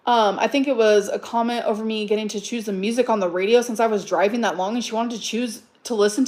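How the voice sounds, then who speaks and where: A woman's voice: fairly high pitch, steady tone, fast, hardly any pauses, darkish tone. A woman on a live stream, telling a story in an agitated, emotional rant, repeating herself and swearing.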